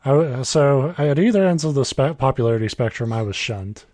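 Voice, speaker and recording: A man in his early thirties reads a story aloud in a casual podcast setting, stopping now and then to chuckle and correct his reading. His voice is mid-pitched and sits close to the mic with a dry, dead sound. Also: expressive, brisk, a little mellow, no echo.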